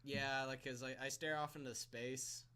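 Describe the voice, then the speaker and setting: A man's voice: medium pitch, flat delivery, moderate pace, bright, forceful tone. A young man co-hosting a podcast in casual chat with a friend, rambling, swearing, stuttering and laughing often. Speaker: podcast co-host. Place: room with a friend.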